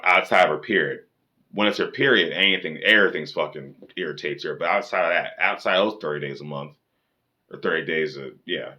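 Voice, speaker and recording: Brief: low-voiced man, forceful and sharp, blunt profane lecturing, slightly dull lo-fi audio. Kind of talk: casual rant to camera.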